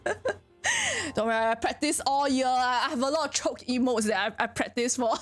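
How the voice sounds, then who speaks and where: Talking at a normal speed in a high-pitched voice, a woman streamer tells stories to her viewers in a casual chat. She's giggly and animated, laughing often.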